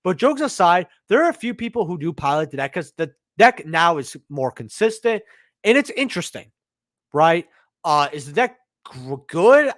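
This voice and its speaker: A man's voice: a little high, fairly bright tone, dry recording, studio quality. A young man hosting a live stream, chatting casually in a rambling way, with slang and swearing. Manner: slangy, swearing, rambling storyteller who says "bro". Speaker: livestream host.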